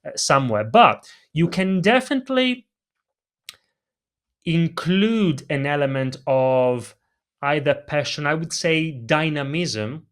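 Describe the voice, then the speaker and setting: With a slightly high voice and a slow delivery, a non-native English speaker answers interview questions on a video call as a podcast guest. He works as a presentation coach and animatedly demonstrates the vocal emphasis he describes.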